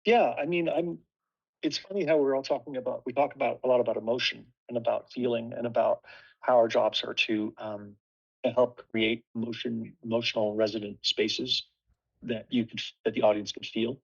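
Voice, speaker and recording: A man's voice: mid-range voice, fairly even intonation, moderate pace, gravelly, breathy edge, highs cut off. A man speaking as a production designer in a casual panel talk, thoughtful and full of restarts.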